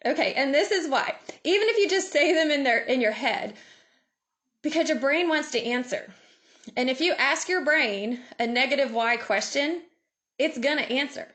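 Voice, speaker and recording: Woman, slightly high voice, animated motivational speaker on a video call. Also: normal speed. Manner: lively, laughs often, acts out inner voices. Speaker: guest speaker. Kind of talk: motivational talk.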